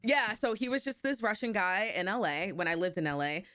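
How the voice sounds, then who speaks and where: A woman hosting a podcast interview, chatty and quick to laugh, with lots of fillers. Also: mid-range voice, animated, pushed and bright, no room sound, studio quality. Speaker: podcast host. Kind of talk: casual interview chat.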